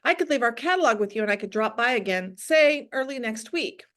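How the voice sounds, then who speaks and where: A woman's voice: a little high, expressive, fairly quick, fairly bright tone. A woman playing a cocky, clever young man. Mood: eager. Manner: polite, eager.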